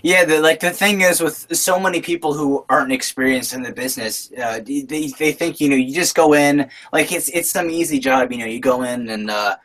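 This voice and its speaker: A man's voice: on the high side, a little fast, few pauses, a bit bright, low-quality recording. A young man hosting a podcast, talking casually with lots of fillers. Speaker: podcast host.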